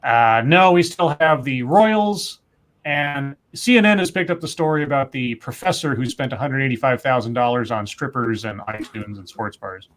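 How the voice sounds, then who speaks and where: A man's voice: medium pitch, moderate pace, fairly bright tone. A man co-hosting a podcast, reading out news stories and quotes with frequent fillers and casual commentary.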